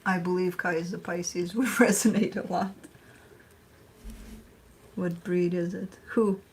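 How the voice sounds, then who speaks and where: Husky woman chatting casually. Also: fairly low pitch, steady tone, takes it slowly. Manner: chatty, playful, talks to her dog in baby talk. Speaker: tarot reader. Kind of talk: casual live-stream chat.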